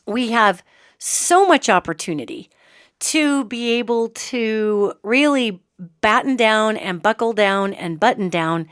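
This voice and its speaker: Woman host, fairly high voice, conversational monologue with sarcastic asides, dry close sound. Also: a bit bright, clear, resonant tone, no echo. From United States. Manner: chatty, emphatic, sarcastic asides. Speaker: host and psychic. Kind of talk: casual monologue.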